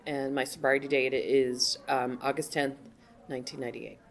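A woman's voice: a bass voice, flat delivery, normal speed. A woman answering interview questions at a conference, effusive and full of exclamations. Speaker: conference attendee, AA member.

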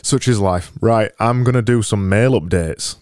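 A man's voice: lowish voice, normal speed, a little mellow, no room sound, clean studio sound. A man co-hosting a casual podcast, blunt and teasing. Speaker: podcast co-host. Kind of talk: casual chat.

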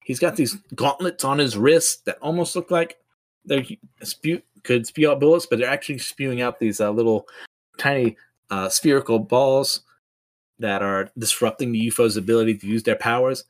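A man's voice: mid-range voice, normal speed. Brief: casual, self-deprecating male comic podcast host with a mid-range voice. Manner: chatty, self-deprecating, many fillers. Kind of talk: casual recap and review.

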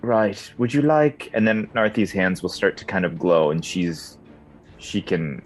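Low-voiced man playing a tabletop game. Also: unhurried, soft background music. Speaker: player. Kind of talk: casual tabletop play.

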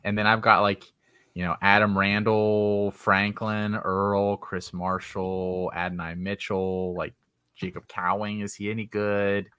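A man's voice: lowish voice, little pitch movement, unhurried, pushed and bright, clear, resonant tone, dry recording, clean studio sound. A man on a group call laying out how the group will sort and rank players, in a casual, organizing way. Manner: organizing, explains the plan. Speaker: fantasy football analyst. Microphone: online call.

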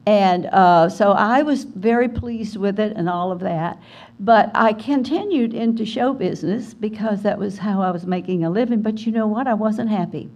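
A woman's voice: medium pitch, moderate pace, highs cut off. Older woman spinning a story. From Alabama, USA. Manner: animated storyteller, acts out quoted voices. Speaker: guest speaker. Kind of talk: storytelling talk at a writers conference. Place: conference hall.

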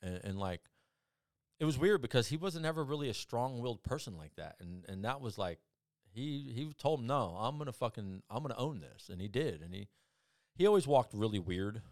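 A podcast guest tells rambling, casual stories, swearing often, restarting sentences, and acting out the people he quotes with big leaps in his voice. He has a medium-pitched, darkish voice with wide pitch swings and a moderate pace. The recording is dry and clean, with studio sound.

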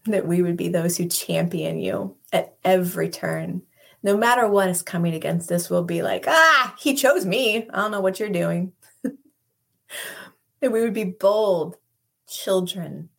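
A woman giving a devotional talk and leading a prayer, slow and soft, often dropping into a whisper. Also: on the low side, vocal fry, slightly rough. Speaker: podcast host.

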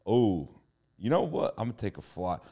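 A man's voice: lowish voice, sing-song, normal speed, vocal fry, dark tone. A young man in casual podcast banter, brash and swearing freely. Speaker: podcast co-host. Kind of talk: casual chat.

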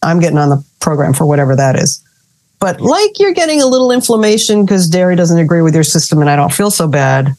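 A woman's voice: fairly low pitch, very animated, quick pace, a little mellow. A woman hosting a casual interview, chatty and relatable, with self-deprecating humor. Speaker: podcast host.

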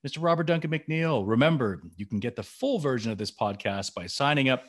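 A man's voice: mid-range voice, animated, brisk. A middle-aged man hosting a podcast, chatting in an upbeat way and asking his co-host lots of questions. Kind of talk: casual podcast chat.

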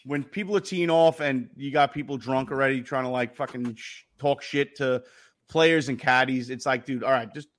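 A man's voice: medium pitch, moderate pace. A man co-hosting a sports podcast, telling stories in casual chat, swearing freely and acting out the people he quotes. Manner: profane, animated storytelling. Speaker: podcast co-host.

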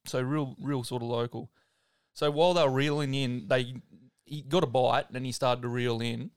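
An Australian man hosting a podcast, retelling a true story in a relaxed way, full of "like". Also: mid-range voice, normal speed, clear, resonant tone, no echo, clean studio sound. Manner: relaxed, filler-heavy retelling with "like". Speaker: podcast host. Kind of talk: casual storytelling.

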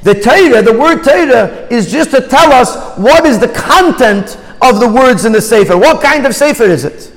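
A man's voice: very high-pitched, animated, normal speed, hardly any pauses. A man teaching a Torah text study, who reads Hebrew lines aloud and then explains them in English. He repeats and restarts words as he reasons aloud. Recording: long hall reverb.

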